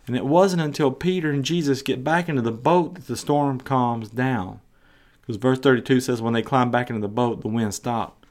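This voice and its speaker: A man's voice: medium pitch, moderate pace, darkish tone. A man teaching a Bible passage on his podcast, earnest, acting out the quoted voices, with some stumbling restarts. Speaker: podcast preacher.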